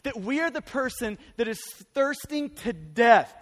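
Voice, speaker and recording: A man's voice: very high-pitched, normal speed, few pauses. A male pastor preaching a sermon with emphatic, urgent delivery and repeated phrases. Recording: long hall reverb.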